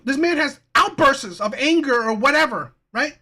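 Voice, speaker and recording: An emphatic reaction host rants in commentary over a video clip. The pitch swings widely, and nearly every point ends with a pushy "right?" The delivery is blunt, with plenty of swearing. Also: animated, normal speed, pushed and bright.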